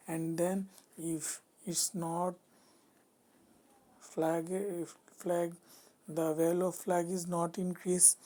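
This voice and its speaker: In a recorded-screen coding lesson, a woman explains her work in a flat, low tone. She proceeds haltingly and hesitantly, restarting often.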